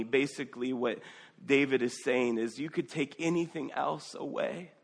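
A man's voice: medium pitch, fairly even intonation, moderate pace, creaky, breathy edge, big-room sound. A male pastor preaching a sermon, telling a story conversationally and reading scripture aloud.

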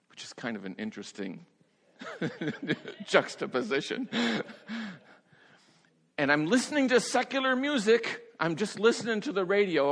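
A man preaching a sermon as a pastor, telling stories in an animated way, laughing often and stumbling over his first words. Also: a little high. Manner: animated storyteller, laughs often, repeats words when starting sentences. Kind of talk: sermon storytelling. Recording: long hall reverb.

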